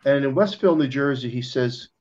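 Male guest, lively conversational storyteller who voices the people he quotes; slightly muffled lo-fi audio. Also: mid-range voice, normal speed. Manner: animated, acts out quoted dialogue.

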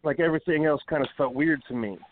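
A man's voice: a little high, fast talker. Rambling storyteller man on a tinny line. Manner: rambling, profane, lots of fillers. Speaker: wrestling radio show host. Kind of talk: casual storytelling. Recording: tinny phone-line sound with faint hiss.

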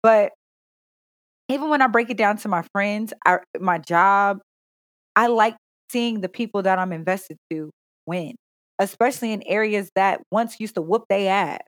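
A woman co-hosting a casual podcast, telling an animated, profane story about her son. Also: mid-range voice, moderate pace, no room sound. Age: adult parent. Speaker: podcast co-host. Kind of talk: casual chat.

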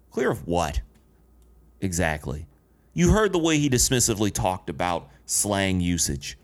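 A man in a commentary video, talking in an indignant, sarcastic way and swearing freely. His pitch rises and falls a lot as he pushes his points. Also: big pitch swings, normal speed. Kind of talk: commentary vlog.

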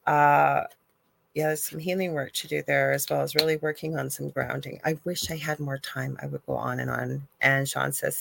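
A woman's voice: rumbling low, little pitch movement, normal speed, creaky, fairly bright tone, slight background noise, rough recording. A Canadian woman hosting a talk show and giving casual psychic readings, chatty and encouraging, with self-deprecating asides. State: briefly coughing. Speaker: psychic radio host.

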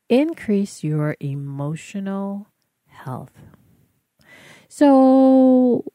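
A woman with a fairly low, warm voice gives fellow artists encouraging wellness tips in a conversational way, using lots of fillers. The sound is dry and clean, like a studio recording.

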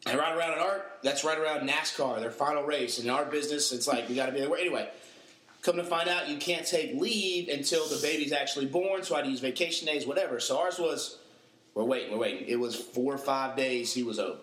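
A young adult man telling a story in casual chat, animated and acting out the voices of people he quotes. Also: mid-range voice, fast talker, echoey room. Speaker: podcast panelist.

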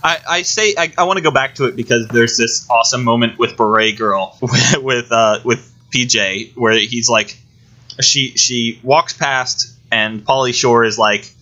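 A man's voice: medium pitch, a little slow, sharp tone. A man co-hosting a podcast, casually recapping a movie plot in rambling detail. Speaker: podcast co-host. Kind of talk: casual chat. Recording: dull lo-fi recording.

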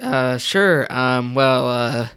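A teenage man co-hosting a casual home podcast, teasing his friend with quick jokes. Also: mid-range voice, lively intonation, fairly bright tone, clear, resonant tone, dry recording. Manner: teasing, quick joking remarks. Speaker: podcast co-host. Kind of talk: casual chat.

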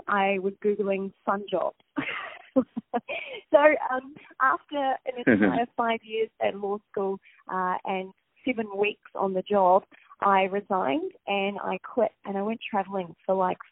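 A woman's voice: mid-range voice, no room sound. Bubbly New Zealand woman on a phone line. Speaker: guest, TV host. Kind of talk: phone interview. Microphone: telephone. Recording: dry tinny phone line.

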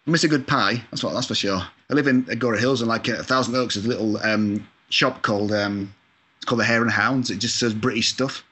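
Fast-talking and bright with a slightly low register, this Scottish man is a video game composer based in California, appearing as an interview guest. He's casual and self-deprecating, drops in mild swearing, and speaks loosely with plenty of fillers.

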